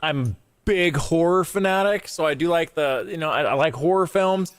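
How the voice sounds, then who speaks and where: A man talking casually on a group video chat, relaxed and chuckling. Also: a little high, normal speed, clean tone. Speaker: guest.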